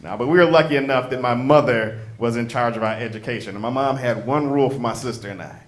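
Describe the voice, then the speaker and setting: A man from Chicago doing punchy, animated stand-up comedy as host on a stage mic. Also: medium pitch, fast, slight background noise. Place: comedy stage before an audience.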